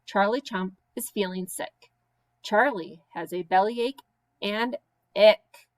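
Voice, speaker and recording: A woman teacher reading silly children's poems aloud with slow, sing-song, playful emphasis. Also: mid-range voice, rough recording. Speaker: special education teacher.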